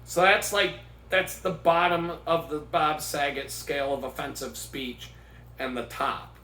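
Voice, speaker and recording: Gen X man, forties, bright and forceful, slightly high voice, loose profane storyteller, echoey room. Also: steady tone, measured pace. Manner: profane, rambling storytelling with bursts of laughter. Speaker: vlogger. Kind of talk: casual rant.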